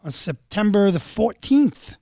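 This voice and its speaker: A man in his forties, a comedian and impressionist, telling stories in energetic, animated casual chat. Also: high-pitched, a little slow, vocal fry, no echo, clean studio sound. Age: 40s. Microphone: studio mic.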